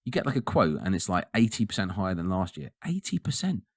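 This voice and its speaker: A man co-hosting a podcast in casual chat, animated and ranting, often laughing. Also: low-pitched, fast talker, dry recording, clean studio sound. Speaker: podcast co-host.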